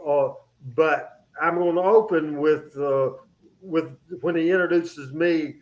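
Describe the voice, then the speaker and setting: A man hosting a radio show in casual studio chat, energetic and rambling, with many fillers and restarts. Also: a little high, slow, dull audio.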